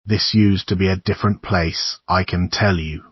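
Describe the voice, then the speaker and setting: A man doing a grim old neighbor, husky and low. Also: fairly even intonation, normal speed, dry recording. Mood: ominous. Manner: conspiratorial warnings, keeps calling the listener son. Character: shabby older male neighbor, grim and ominous. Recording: dull lo-fi dry recording.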